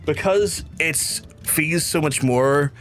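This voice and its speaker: A young man from Belfast with a softened Belfast accent, chatting and rambling to his viewers while he streams a game. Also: a little high, takes it slowly, faint music behind. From Northern Ireland. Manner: rambling, chatty, reads chat aloud. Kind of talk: casual game stream chat.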